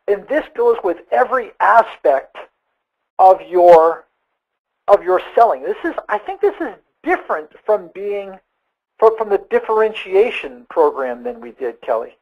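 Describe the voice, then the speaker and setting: High-voiced man hosting a sales webinar. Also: rough recording. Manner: animated storyteller, quick asides. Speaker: webinar host.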